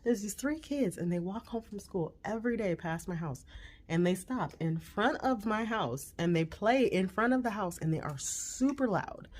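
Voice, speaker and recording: A woman chatting casually at home as a vlogger and mother, animated and quick to laugh. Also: medium pitch. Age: 40s. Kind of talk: casual chat.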